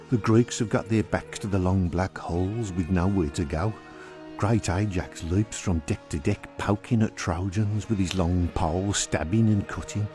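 A man narrating a radio drama with vivid storytelling. His voice is very deep. Faint music plays beneath him. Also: darkish tone.

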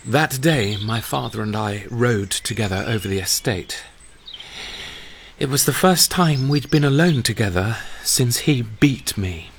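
A man playing a grown man narrating his memories in a measured, reflective way. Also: medium pitch, expressive, vocal fry, slight background noise. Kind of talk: scripted narration.

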